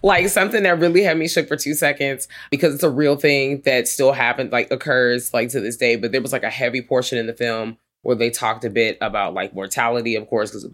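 A man's voice: medium pitch, fairly even intonation, brisk, hardly any pauses, fairly bright tone. A man co-hosting a podcast who says he is always tired, chatting casually in a laid-back way. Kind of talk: casual chat.

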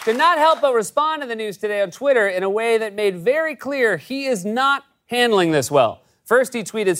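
A man's voice: very high-pitched, lively intonation, normal speed, hardly any pauses, a bit bright, a faint crowd. A man hosting a late-night comedic news monologue with a sarcastic, punchy delivery. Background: studio audience laughter.

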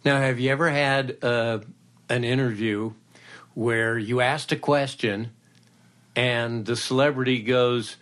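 A man hosting a podcast interview, prompting his guest with eager questions and quick interjections. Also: mid-range voice, fairly even intonation, fairly bright tone. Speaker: podcast host. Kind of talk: casual interview.

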